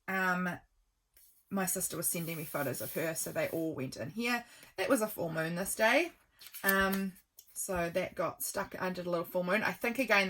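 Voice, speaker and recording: A woman's voice: mid-range voice, fairly bright tone. Chatty, rambling woman vlogger. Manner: rambling and affectionate, with frequent ums. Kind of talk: chatty journal flip-through.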